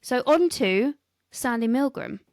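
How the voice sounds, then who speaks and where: A woman's voice: a little high, animated, slow, darkish tone, dry recording. A British woman co-hosting a history podcast, chatting casually and reading some scripted lines. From Britain. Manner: chatty, giggly, reads scripted bits. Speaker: podcast co-host presenting history. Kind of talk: casual chat.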